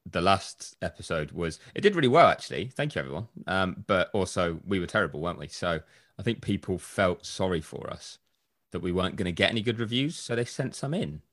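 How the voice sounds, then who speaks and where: A man's voice: low-pitched, animated, brisk, fairly bright tone, dry recording, clean studio sound. A man co-hosting a podcast in casual chat, reading out listener reviews with wry asides. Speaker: podcast co-host.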